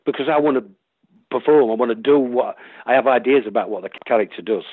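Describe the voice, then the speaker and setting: Husky-voiced Yorkshire actor, chatty guest, rambly; dry, thin phone sound. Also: male voice, fairly low pitch, fast, no room sound. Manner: rambling, full of restarts and acted-out quotes. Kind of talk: casual interview chat. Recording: tinny dry phone line.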